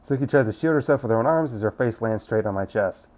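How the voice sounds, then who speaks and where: A man's voice: mid-range voice, expressive, fast talker, a little mellow. Man casually reading a visual novel aloud. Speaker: let's play host.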